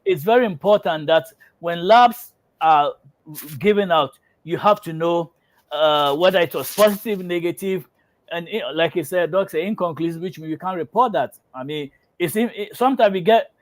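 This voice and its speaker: A man's voice: sits high, normal speed, no room sound. A man hosting a health show, telling a lab prank story with many fillers and then reading out test result guidance.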